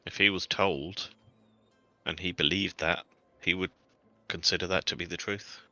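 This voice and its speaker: A man's voice: deep voice, steady tone, moderate pace, sharp tone, no echo, lo-fi sound, faint music behind. A man playing in a tabletop game, talking casually and reasoning things through. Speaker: player.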